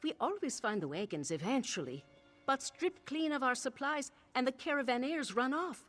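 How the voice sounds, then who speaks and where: An actress voicing a weary woman guard of an undersupplied garrison in a video game, with a flat, uneven delivery over faint game music. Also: sits high, moderate pace. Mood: worried.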